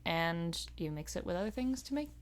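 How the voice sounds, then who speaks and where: A woman co-hosting a podcast, chatting in a relaxed, rambling way and dropping into mutters. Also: on the low side, fairly quick. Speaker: podcast co-host. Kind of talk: casual chat.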